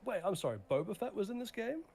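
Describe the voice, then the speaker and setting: A man's voice: high voice, sing-song, fast, vocal fry, a crowd in the background. A man telling a rambling story in casual chat on a gaming stream, leaning heavily on fillers. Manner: rambling, heavy with "like" fillers and restarts. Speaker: livestream guest.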